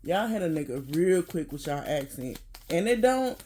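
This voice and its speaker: A vlogger in a casual rant to camera, blunt and profane, often laughing, dropping to low mutters then bursting out loud. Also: sing-song, normal speed.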